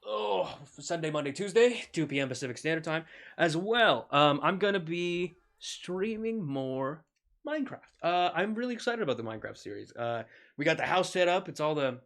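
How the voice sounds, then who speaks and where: Male gaming streamer, bright voice, loose joking tangents. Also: a little high, expressive, normal speed, gravelly. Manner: rambling, joking, full of tangents. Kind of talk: casual gaming stream commentary.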